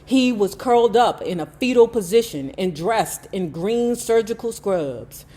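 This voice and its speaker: A woman's voice: mid-range voice, measured pace. A woman reading a memoir aloud to her viewers and breaking off for blunt, profane commentary. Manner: blunt, profane, animated asides. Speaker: YouTube host reading a memoir.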